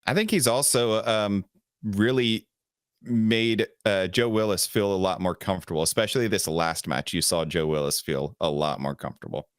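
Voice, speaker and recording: Lowish smooth voice dude going thru his picks, dry close mic. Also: normal speed, no echo. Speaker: podcast co-host. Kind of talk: casual sports podcast chat.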